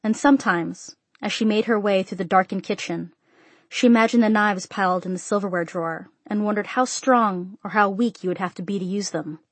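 A woman narrating a short story in an even, measured audiobook reading. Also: mid-range voice, dry recording.

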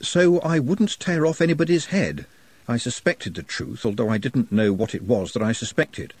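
A man with a husky voice voicing a young male orc who speaks in a calm, precise, overly polite and formal way. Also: medium pitch, no echo, voice pushed up, lightly acted. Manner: precise, formal, quietly measured.

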